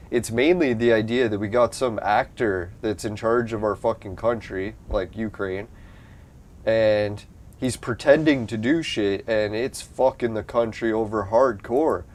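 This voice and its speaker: A man's voice: lowish voice, a little mellow. A young adult man from Canada, chatting casually and profanely on a live stream, rambling and laughing often.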